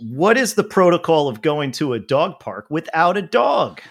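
A playful man in his thirties from the New York area banters on a podcast. His pitch swings widely, and he swears casually as he talks. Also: sing-song, normal speed, vocal fry. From New York tri-state area. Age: 30s. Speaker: podcast co-host. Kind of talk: casual chat.

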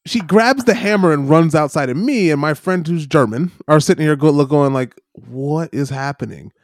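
Animated man telling stories, dry sound. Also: fairly high pitch, a little fast, no room sound. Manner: animated storyteller, acts out quoted voices, many "right?" tags. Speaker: podcast co-host. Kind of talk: casual chat, storytelling. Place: lives in New Zealand.

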